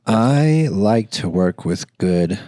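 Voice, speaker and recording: A young man on a podcast talks in a lowish, dry-sounding voice, blunt and crude, chiming in with short wry jokes. He sounds close to the mic with no room echo. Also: lively intonation, slow, mellow. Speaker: podcast co-host. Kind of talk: casual chat.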